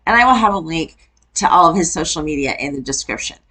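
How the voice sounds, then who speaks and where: A woman from Wisconsin hosting a casual reaction video, chatty and quick to exclaim. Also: low-pitched, lively intonation, pushed and bright, rough recording. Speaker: YouTube reaction host.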